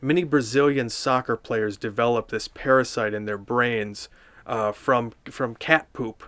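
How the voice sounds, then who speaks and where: A man doing a deadpan comedic review of a picture book, with dry, sardonic, rambling asides. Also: mid-range voice, a little slow, no echo.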